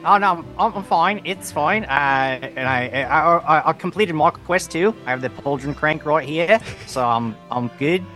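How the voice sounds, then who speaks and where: Earnest rambling guest player, in character, light stammer. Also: male voice, a little high, unhurried, hardly any pauses, bright, forceful tone, faint music behind. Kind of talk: in-character tabletop role-play.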